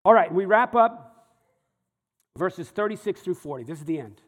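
Guy preaching a bible study sermon, fairly high voice, chatty, reads verses then breaks them down, big echoey hall. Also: animated, normal speed, pauses often. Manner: conversational, reads scripture aloud then explains it. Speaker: pastor. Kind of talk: sermon teaching through a Bible passage. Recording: long hall reverb.

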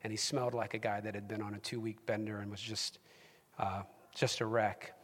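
A pastor telling a story in his sermon, swinging from loud, shouted emphasis to hushed whispers. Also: lowish voice, little pitch movement, a little fast. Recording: long hall reverb.

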